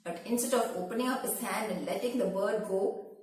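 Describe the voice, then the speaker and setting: A woman narrating a children's story in a gentle, sing-song way. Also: medium pitch, fairly quick. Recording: echoey room, voice from far off.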